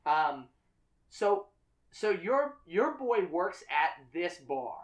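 A man's voice: high voice, big pitch swings, very slow, poor audio. A man hosting a casual drinking podcast, rambling, repeating his words and laughing often. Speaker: podcast host. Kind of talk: casual chat.

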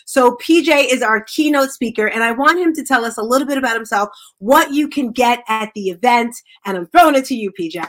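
A woman's voice: fairly high pitch, lively intonation, brisk, few pauses, a bit bright. A woman hosting an interview show, talking in a candid, effusive and emotional way. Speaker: host. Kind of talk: casual interview chat.

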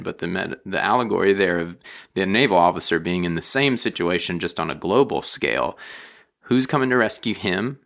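A man's voice: low-pitched, vocal fry, bright, forceful tone. A man in casual conversation, making jokey, dramatic asides and then reflecting at length. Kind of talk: casual chat.

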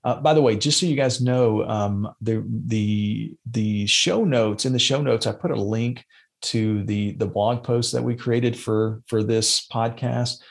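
A man hosts a podcast, offering casual how-to tips with lots of fillers and restarts. His mid-range voice is gravelly and he takes his time.

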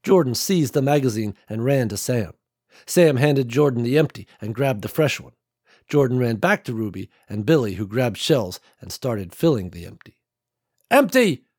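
A man narrating an action audiobook in a measured, dramatic way. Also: mid-range voice, expressive, darkish tone, slightly rough, dry recording, clean studio sound.

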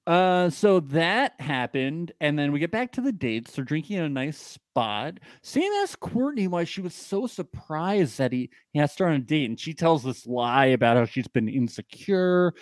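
A man's voice: a little high, very animated, moderate pace, hardly any pauses, no echo, clean studio sound. Sarcastic young man recapping TV. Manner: joking, sarcastic, many fillers. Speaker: podcast co-host recapping a reality show. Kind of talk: casual chat.

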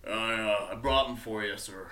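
A man's voice: fairly low pitch, normal speed, sharp tone, pitched below the performer's own voice. Deferential demon servant in a tin can hat, chatty and courteous, voiced by a male game master.

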